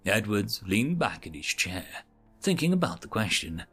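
Gravelly male story narrator. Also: on the low side, moderate pace, soft background music. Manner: even, descriptive storytelling. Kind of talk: audiobook-style story reading.

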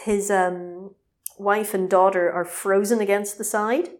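Animated woman recapping a film. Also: medium pitch, a little slow. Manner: animated storyteller, swears, acts out quotes. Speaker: podcast co-host. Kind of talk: casual film recap chat.

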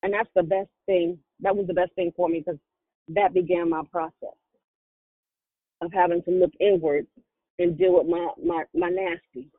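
A woman on a prayer call, slowly and earnestly giving thanks in a heartfelt testimony. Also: lowish voice, level tone, no echo. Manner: earnest, deliberate, grateful. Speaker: caller sharing in a prayer call. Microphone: phone. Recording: tinny phone line.

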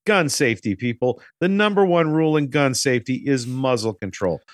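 A man's voice: mid-range voice, a little fast, dry recording, studio quality. A man in his forties co-hosting a casual movie recap chat, telling stories and swearing freely. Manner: animated storyteller, swears freely. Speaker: podcast co-host.

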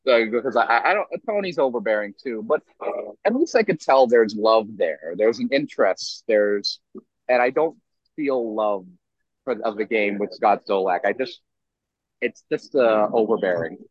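A young man in his twenties co-hosting a sports podcast, ranting in an animated way with lots of restarts. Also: on the low side, normal speed, no echo, lo-fi sound. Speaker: podcast co-host. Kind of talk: casual sports talk.

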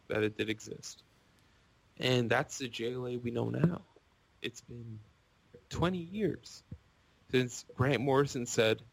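A man on a podcast, rambling and gushing in an excitable casual rant. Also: medium pitch, slow pace, creaky, long pauses, no room sound.

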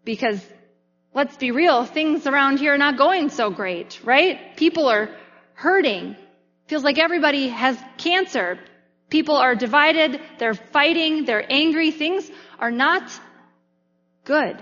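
High-voiced woman preaching in a reverberant hall. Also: expressive, a little slow, fairly bright tone. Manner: conversational, acts out disciples' voices in quotes. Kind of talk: sermon. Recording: dull sound with long reverb in a hall.

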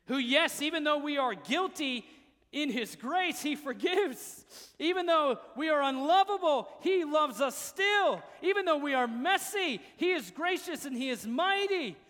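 A high-pitched male pastor preaches a sermon in a church hall with long, ringing reverb. Animated and unhurried, he shifts between soft, hushed stretches and loud, emphatic declarations.

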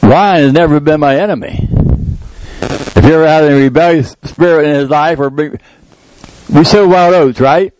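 A man's voice: on the high side, normal speed, darkish tone, slight background noise, poor audio. A middle-aged male pastor preaching a sermon in a conversational way that rises into emphatic prayer. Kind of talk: sermon with live demonstration.

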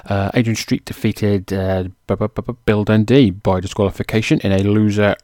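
A man's voice: fairly low pitch, fairly even intonation, brisk, darkish tone, no room sound, studio quality. A man hosting a podcast in a chatty, self-mocking way, now and then tripping over names. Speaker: podcast host. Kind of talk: casual podcast narration.

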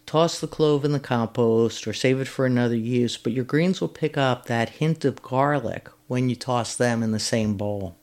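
A woman's voice: very deep voice, normal speed, hardly any pauses, a little mellow. A woman who volunteers as a master gardener, reading a scripted segment with friendly, step-by-step cooking instructions. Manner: friendly, instructive, recipe steps read at an easy pace.

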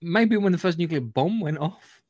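A man co-hosting a podcast, telling stories in an animated way and swearing often. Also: fairly high pitch, normal speed, no room sound, studio quality. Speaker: podcast co-host. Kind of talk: casual chat.

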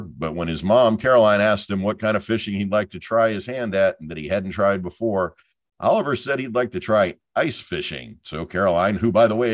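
A middle-aged man hosts a podcast in a very low voice, spinning jokes and stories with a showman's patter. The sound is dry and close, with no room around it. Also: no echo. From Florida. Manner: jokey, storytelling showman patter. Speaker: podcast host. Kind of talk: hosted podcast monologue.

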